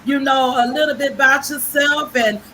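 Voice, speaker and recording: A woman hosting a live stream show over a video call, effusive and excited as she welcomes each guest. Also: high-pitched, normal speed, a little hiss or hum, low-quality recording. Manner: excited, effusive, laughing and shouting greetings. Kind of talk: enthusiastic live stream introductions.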